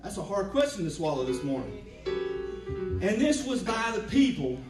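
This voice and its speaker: Pastor preaching in an echoey church. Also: male voice, high-pitched, sing-song, measured pace, recorded from a distance, over music. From Georgia, US. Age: 40s. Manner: preaching with hums, builds to shouts. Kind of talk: sermon. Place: church sanctuary.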